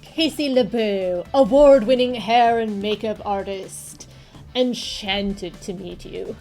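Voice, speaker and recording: Brief: woman playing a theatrical British makeup artist man, soft music behind. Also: medium pitch, slow pace. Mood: haughty. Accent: put-on British. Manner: theatrical, affected. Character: flamboyant male hair and makeup artist.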